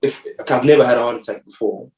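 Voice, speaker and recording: A man's voice: medium pitch, fast, darkish tone. A young man from Zimbabwe, a rugby player guesting on a podcast, telling a story in a rambling way, full of "like" and "bro". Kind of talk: casual storytelling. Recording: echoey room, voice far from mic.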